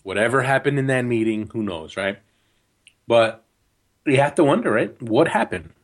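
A man's voice: medium pitch, lively intonation, normal speed. A man from New Jersey co-hosting a soccer podcast, talking casually and joking, with frequent restarts. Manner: chatty, joking, lots of restarts. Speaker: podcast co-host.

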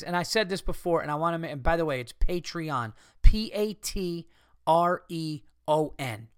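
A man's voice: mid-range voice, fairly bright tone, smooth, dry recording, clean studio sound. A man in his thirties with an American accent, hosting a podcast in a casual comedic monologue, ranting and swearing with exasperation. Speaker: podcast host.

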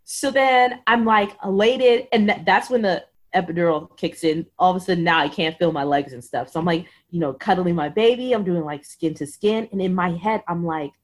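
Speaking in a lowish voice at normal speed with few pauses, a thirtysomething woman shares a casual personal story as a podcast guest. Her delivery is animated: she performs other people's lines and sprinkles "like" everywhere.

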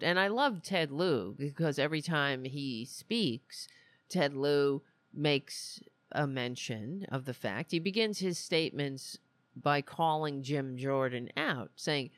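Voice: medium pitch, no room sound. A political commentary host speaking casually and with indignation, stopping often to restart a thought. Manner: animated, indignant, many restarts and asides.

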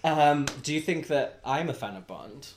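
A man's voice: a little high, lively intonation, moderate pace, a little hiss or hum. A man co-hosting a podcast, chatting casually with a camp, cheeky, joking manner. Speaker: podcast co-host. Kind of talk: casual chat.

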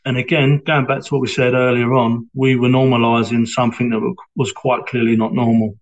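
A middle-aged former police sergeant gives a reflective personal account in an interview, his voice level and measured with little pitch movement. He speaks haltingly, pausing and restarting often, at an ordinary middle pitch for a man. The recording is muffled.

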